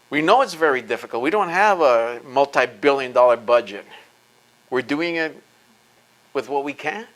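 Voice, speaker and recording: Fervent, forceful man lecturing. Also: mid-range voice, rough recording. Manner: emphatic, fervent, repeats points for force. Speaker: lecturer answering audience questions. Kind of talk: impassioned Q&A talk. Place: lecture event.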